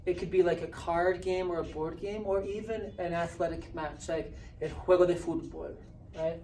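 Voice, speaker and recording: A woman's voice: lowish voice, steady tone, normal speed, dark tone. A woman teaching a Spanish grammar lesson, explaining step by step and often checking in with "right?". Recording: roomy echo, distant mic, faint hiss.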